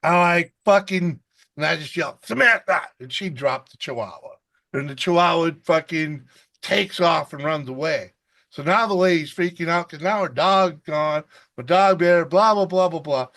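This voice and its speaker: Man, high voice, casual host, profane rambling storyteller, video call. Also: moderate pace, fairly bright tone. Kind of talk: casual chat.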